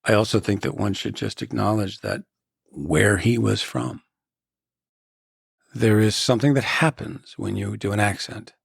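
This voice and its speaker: A man, an actor and guest in an interview, speaking in a measured, reflective way and telling stories, often restarting his phrases. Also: on the low side, creaky, slightly rough, no room sound, clean studio sound.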